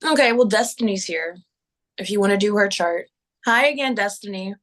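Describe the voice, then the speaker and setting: A woman co-hosting a live stream, relaxed and supportive as she reads comments. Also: medium pitch, normal speed. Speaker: co-host. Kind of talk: casual live-stream chat.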